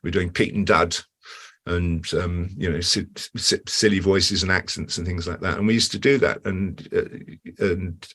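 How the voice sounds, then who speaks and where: An older British man with a very low, deep voice talks through his story in a loose, rambling way. He restarts his sentences and fills gaps with ums, like a guest settling into a relaxed interview chat. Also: measured pace, breathy edge. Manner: acts out quoted voices with big pitch jumps. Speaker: guest actor.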